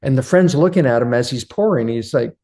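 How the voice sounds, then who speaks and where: Brief: male motivational host, warm low tone, earnest and exhortative. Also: lively intonation, a little fast. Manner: earnest, preachy, repeats affirmations. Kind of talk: motivational video talk.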